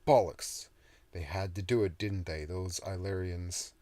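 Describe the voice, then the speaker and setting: A man voicing a brash, hot-tempered young woman captain in a read-aloud story, loud and cursing. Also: low voice, steady tone, moderate pace, dry recording, lightly acted. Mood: angry.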